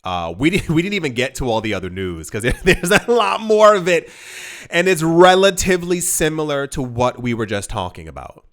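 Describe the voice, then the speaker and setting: A crypto video host speaks straight to the camera in a casual commentary. His voice sits on the high side, fairly bright, with lively intonation at a normal speed. He's emphatic, repeating words, stumbling and restarting a lot, and he acts out the voices of people he quotes.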